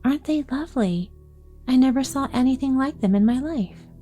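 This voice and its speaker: A woman's voice: sits high, expressive, fairly quick, faint music behind, voice pushed up. A woman voicing an eager, kindly little girl in a bedtime story reading. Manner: eager, polite and warm-hearted. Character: cheerful little lame girl.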